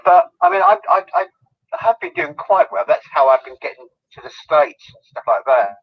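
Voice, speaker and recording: Man guest, husky, lively pitch, chatty storyteller, dull call sound. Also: normal speed. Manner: rambling anecdotes, giggling. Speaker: guest, celebrity lookalike. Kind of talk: casual interview chat.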